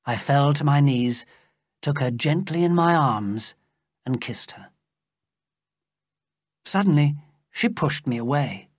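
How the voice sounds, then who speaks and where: A storyteller reading a graded novel for English learners, slowly and with a lively, rising and falling delivery. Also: medium pitch, no room sound, clean studio sound.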